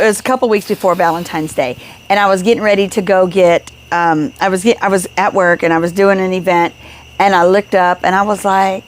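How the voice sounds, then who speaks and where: A woman co-hosting a casual podcast chat at home. She tells stories with energy and acts out what each person said. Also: mid-range voice. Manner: animated storyteller acting out quoted dialogue. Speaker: podcast co-host.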